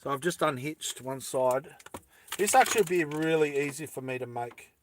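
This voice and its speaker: A man crafting jewellery on a live stream banters playfully with viewers as he makes earrings, giggling and joking a lot. He speaks at a moderate pace in a higher-than-average voice, with background noise in the recording.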